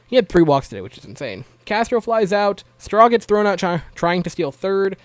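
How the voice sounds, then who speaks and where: A young man with a slightly higher voice runs through a baseball game in a relaxed, chatty way. He wanders into joking asides and leans on "uh" and "like" as he goes. The sound is close and dry, with no room around it. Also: moderate pace, no echo. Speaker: baseball recap vlogger. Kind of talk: casual game recap.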